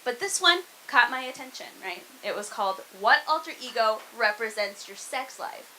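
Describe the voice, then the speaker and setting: A young woman from Arkansas works a comedy club crowd with a bright, ringing voice that sits a little high. She talks to the audience like friends, mocking herself and checking in with them often. The set has the loose, conversational pace of club stand-up. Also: lively intonation, normal speed, slight background noise, low-quality recording. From Arkansas, US South.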